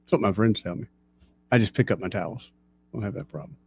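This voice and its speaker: A man's voice: lowish voice, quick pace, darkish tone, husky, no room sound. A man co-hosting a casual radio talk show, trading dry, teasing banter. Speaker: radio co-host. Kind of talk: casual chat.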